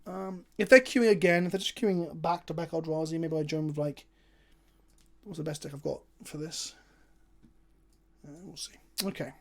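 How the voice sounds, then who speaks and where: A man's voice: a little high, steady tone, normal speed, creaky, pauses often. A man streaming a card game, commentating his plays casually, chatty and thinking aloud, with frequent swearing.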